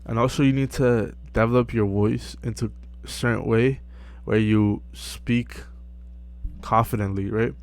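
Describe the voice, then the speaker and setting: A young man giving casual self-improvement advice to camera, relaxed and full of fillers, often checking in with "right?". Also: mid-range voice, a little slow. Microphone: close mic.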